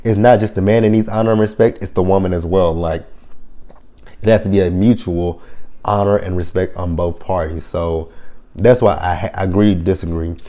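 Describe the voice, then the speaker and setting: A man's voice: sits low, moderate pace. Blunt, profane man recapping TV. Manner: blunt, profane and animated when annoyed; rambling with frequent self-corrections. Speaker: reality TV recap host. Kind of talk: casual episode review.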